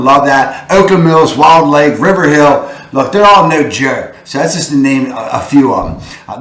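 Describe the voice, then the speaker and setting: A man's voice: a bit bright, echoey room. A man with a Baltimore accent, hosting a punchy, hype-filled rundown of the local housing market. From Baltimore area, Maryland. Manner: punchy, hypes with catchphrases like "boom". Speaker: real estate video host.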